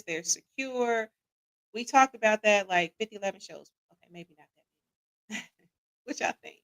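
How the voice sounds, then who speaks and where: A woman's voice: mid-range voice, bright, forceful tone, poor audio. A woman hosting a live podcast in casual chat, reading listener comments aloud and quizzing them. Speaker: podcast host.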